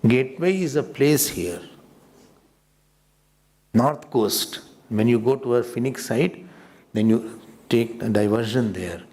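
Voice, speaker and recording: A man's voice: mid-range voice, expressive, unhurried, gravelly, long pauses, a little mellow. A man teaching a scripture class as a swami, explaining patiently and repeating words as he goes. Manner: repeats words, mixes in Hindi asides; explanatory, addresses listeners directly.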